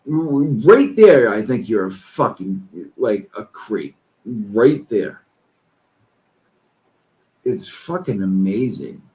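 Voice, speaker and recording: A man's voice: lowish voice, very animated, very slow, pauses often, warm tone. A man reading posts aloud and commenting on them in a profane, exasperated rant.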